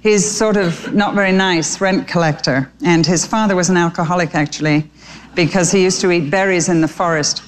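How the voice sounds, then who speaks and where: A woman giving a storytelling sermon, retelling a children's story gently and earnestly, then appealing directly to her listeners. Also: lowish voice, moderate pace, slight background noise.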